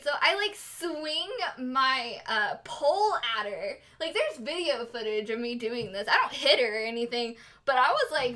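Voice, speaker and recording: Young female streamer, high and bright, chatty and giggly, loose "like"-filled storytelling. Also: normal speed, few pauses. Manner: animated, giggly, lots of "like". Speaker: cosplay streamer. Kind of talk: casual storytelling while crafting on stream.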